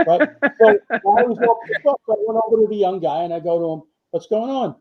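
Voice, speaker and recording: Speaking in a high, warm, animated voice at a fairly quick clip, this older guest, a retired firefighter turned author, tells lengthy stories in a relaxed interview. He leans on fillers and acts out quoted dialogue. The recording sounds muffled and lo-fi.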